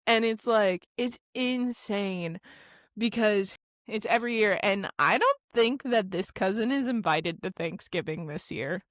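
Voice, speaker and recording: Young woman, podcast co-host, medium pitch, relaxed casual talk, dry close sound. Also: a little slow, no echo. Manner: laid-back, reacts with laughs and short exclamations. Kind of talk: casual chat.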